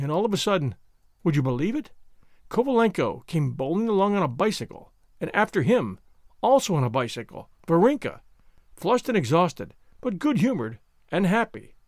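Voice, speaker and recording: A man reads a classic story aloud, expressive and engaged. His voice sits slightly high and moves a lot in pitch. The recording is dry and close. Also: moderate pace, no echo. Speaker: narrator. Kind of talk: audiobook narration.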